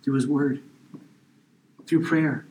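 A man preaching a sermon, reading scripture slowly and explaining it in casual asides, now and then dropping almost to a whisper. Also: medium pitch, steady tone, a little mellow, distant mic, slight background noise, low-quality recording. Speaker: pastor.

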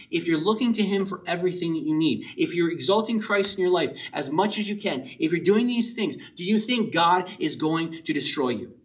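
A man preaching a sermon as pastor, earnest and driving his point home with short repeated commands. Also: sits high. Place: church service. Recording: voice a bit distant from the mic.

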